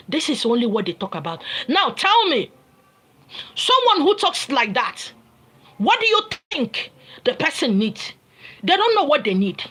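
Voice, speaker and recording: A Nigerian woman giving a spiritual teaching, her voice sitting a little high and swinging widely up and down. She lectures emphatically and hammers her points home through repetition. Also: huge pitch swings, normal speed, a bit bright, poor audio. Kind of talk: informal spiritual teaching monologue.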